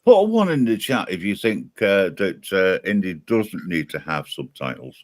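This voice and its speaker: Male stream host, low voice, dry close sound, teasing banter. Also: sing-song, normal speed, no echo. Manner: teasing, laughs at his own jokes. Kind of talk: casual group chat on a live stream.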